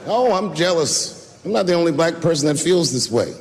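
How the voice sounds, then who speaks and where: A male stand-up comedian performing on stage, animated and fond of acting out characters and shouting his punchlines. His fairly high voice swoops widely up and down. The sound carries a long hall reverb with audience noise and laughter behind it. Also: moderate pace. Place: large venue on stage. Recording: echoey hall with crowd laughter. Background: audience laughter and crowd noise.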